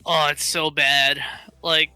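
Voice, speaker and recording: A man's voice: fairly high pitch, clear, resonant tone, dry recording, faint music behind, poor audio. A man co-hosting a gaming podcast, talking casually with lots of fillers and restarts. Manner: animated, halting with many fillers. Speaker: podcast co-host. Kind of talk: casual chat.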